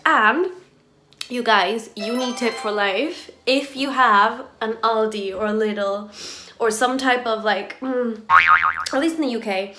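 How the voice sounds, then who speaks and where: Brief: young woman, student vlogger, slightly higher voice, nasal and stuffed-up, chatty and rambling. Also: measured pace, bright, forceful tone. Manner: rambling, giggly, lots of "like". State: stuffy, congested from hay fever. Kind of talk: casual chatty vlog. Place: at home, kitchen area.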